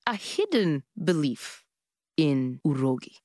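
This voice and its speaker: A woman from Kenya, hosting a podcast in a measured, intimate storytelling manner. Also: deep voice, darkish tone, no room sound, studio quality. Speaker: podcast host. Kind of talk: scripted podcast narration.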